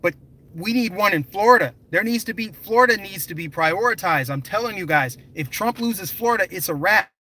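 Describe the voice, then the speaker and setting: Young guy on a live stream, bright forceful voice, kinda high, leans hard on his points. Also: expressive, a little fast, low-quality recording. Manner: emphatic, conversational, addresses viewers directly. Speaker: political vlogger.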